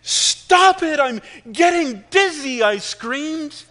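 Inside a sermon's story, a man gives full character voice to a talking clay teacup that cries out and pleads while being shaped. He speaks slowly and expressively in a fairly bright tone, his cries high, strained and pleading.

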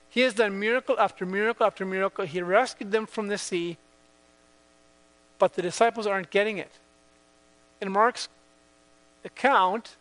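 Slow, high-voiced man preaching a sermon. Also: a bit bright, rough recording. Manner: slow, emphatic, repeats key phrases. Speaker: pastor.

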